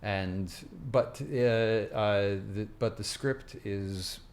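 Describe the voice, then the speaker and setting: A man's voice: on the low side, extremely slow, darkish tone. A middle-aged man, a stage actor, talking in a casual interview with many restarts and fillers. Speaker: guest, Broadway actor.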